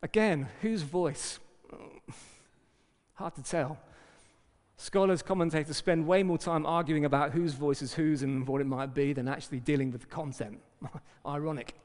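A man preaching a sermon as pastor, lively and emphatic, with joking asides. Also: a little high, normal speed. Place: church hall. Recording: long reverb of a hall.

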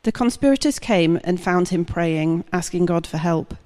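Woman reading scripture, low voice. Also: expressive, normal speed, darkish tone, in a large hall. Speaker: scripture reader.

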